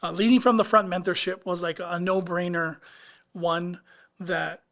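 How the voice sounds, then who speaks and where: A man's voice: sits high, steady tone, moderate pace, fairly bright tone. Chatty man co-hosting a podcast. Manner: chatty, trails off in restarts. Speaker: co-host. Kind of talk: casual podcast chat.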